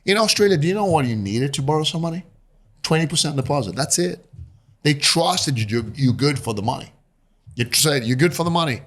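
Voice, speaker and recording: Animated Brazilian-accented man in his fifties. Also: on the high side, brisk. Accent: Brazilian Portuguese. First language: Portuguese. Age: 50s. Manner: animated storyteller who acts out voices. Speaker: guest investor. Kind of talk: storytelling interview.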